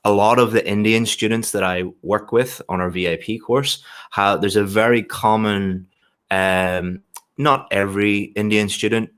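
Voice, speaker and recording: A man's voice: low voice, a bit bright. A man working as an English exam tutor, giving one-on-one feedback patiently, explaining step by step and often restarting his sentences.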